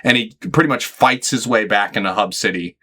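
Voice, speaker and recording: A man's voice: fairly low pitch, brisk, bright, forceful tone, breathy edge. A man co-hosting a podcast, casually retelling a comic story with laughs and quoted lines. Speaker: podcast co-host. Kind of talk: casual chat recapping a comic.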